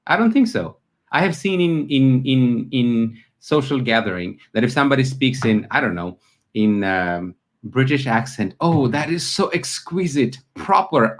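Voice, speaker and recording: A middle-aged man with a Bangladeshi accent hosting an interview, talking in an impassioned, animated way with many fillers and restarts. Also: mid-range voice. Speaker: interview host. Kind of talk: conversational interview.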